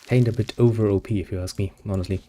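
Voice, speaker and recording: A man casually commenting on a role-playing game, swearing in a relaxed, sarcastic way and reading the game's text aloud. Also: fairly low pitch, fast talker. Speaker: gaming video host.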